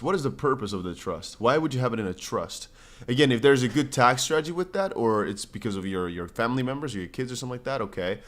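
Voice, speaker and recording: A man's voice: mid-range voice, fairly bright tone. A man hosting a crypto livestream, reading viewer comments aloud in casual chat and rambling with many restarts and playful asides.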